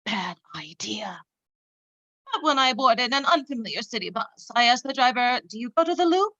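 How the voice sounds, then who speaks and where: An actress playing a vain, self-absorbed radio show host in a comedic parody monologue, boastful and melodramatic, on a dull lo-fi home recording. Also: female voice, on the high side, animated, moderate pace, bright, forceful tone, no room sound. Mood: self-important. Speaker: comic actor.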